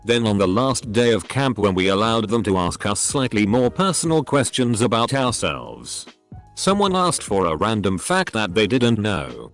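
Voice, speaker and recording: Low-voiced man reading stories over music. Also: sing-song, moderate pace, a bit bright. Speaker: narrator reading forum posts. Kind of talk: scripted narration.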